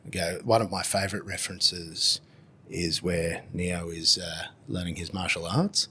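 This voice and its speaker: A man, hosting a podcast in casual conversation, animated and swearing freely. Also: low-pitched, measured pace, husky. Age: 50s. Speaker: podcast host.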